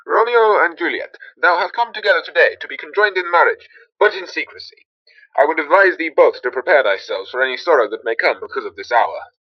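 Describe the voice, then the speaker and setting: A man voicing a cautious, wise older friar in an amateur animation, speaking in a measured, advising way. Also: on the high side, expressive, no echo, far from the mic, muffled recording. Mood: solemn.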